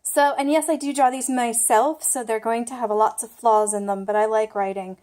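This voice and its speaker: A chatty young woman with a slightly higher voice talks through her flashcards in a loose, think-aloud way. She pokes fun at herself as she goes and sounds relaxed and unscripted. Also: normal speed. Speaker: language learner sharing study method. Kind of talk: casual talk-through of flashcards.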